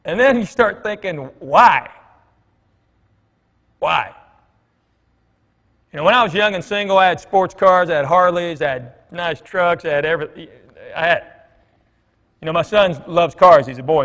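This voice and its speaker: A man's voice: fairly high pitch, a bit bright. A middle-aged man giving a conversational church talk, telling stories and acting out bits of dialogue in a folksy way. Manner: folksy storytelling, quoting others in dialogue. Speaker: guest speaker at church. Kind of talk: conversational sermon with anecdotes. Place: church hall. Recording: long hall reverb.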